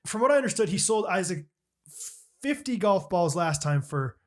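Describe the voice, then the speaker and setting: Casual podcast co-host: man, high voice, very lively, animated storyteller. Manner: animated, laughing storyteller doing quick impressions. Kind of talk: casual chat.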